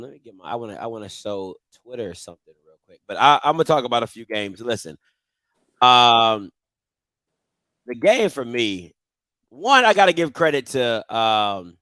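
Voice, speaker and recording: A man's voice: mid-range voice, expressive, moderate pace, pauses often, bright, forceful tone, dry recording. A man hosting a casual sports chat, loose and conversational, often repeating himself. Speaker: host.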